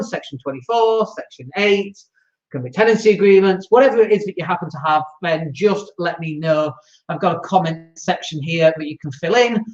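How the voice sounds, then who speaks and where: A man hosting a live-streamed show and talking casually to his viewers, chatty and loose, with fillers and small laughs. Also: fairly high pitch. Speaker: host. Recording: echoey room, dull lo-fi sound.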